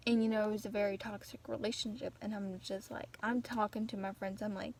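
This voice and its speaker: A woman's voice: mid-range voice, fairly even intonation, a little fast, few pauses, darkish tone. A teenage girl telling a rambling, gossipy story as a casual rant, full of restarts and asides. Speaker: vlogger.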